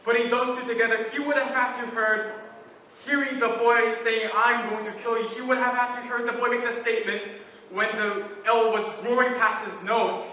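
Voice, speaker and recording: Boy doing a juror walking through the facts, high voice, far off in an echoey hall. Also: little pitch movement, moderate pace, pushed and bright, lo-fi sound, a little hiss or hum. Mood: reasoning. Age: late teens. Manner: methodical, reasoning aloud, some restarts. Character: calm, persistent male juror reasoning. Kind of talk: stage play performance.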